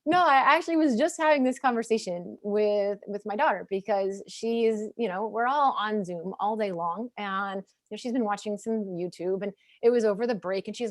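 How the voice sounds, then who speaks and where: A woman's voice: mid-range voice, normal speed, few pauses, dry recording. Chatty woman in her forties, dry sound. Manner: chatty, laughs easily, plays out family dialogue. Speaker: panel moderator. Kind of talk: casual panel talk.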